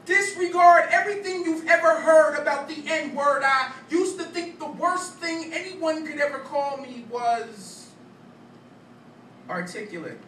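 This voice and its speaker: A man's voice: very high-pitched, unhurried, fairly bright tone. A man performing a spoken word poem to a live audience, with a rhythmic, rhymed delivery and punchy emphasis. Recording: echoey room, distant mic, background noise.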